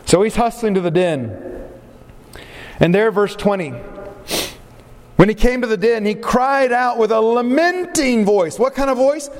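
A man preaching a sermon, telling a story dramatically, with sudden swings in pitch and pace. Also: long reverb tail. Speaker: pastor.

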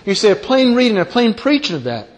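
Fast-talking and very animated, a high-voiced man preaches an emphatic sermon in a church meeting hall. Key phrases get repeated and rhetorical questions are put to listeners, while the large hall adds a long reverb.

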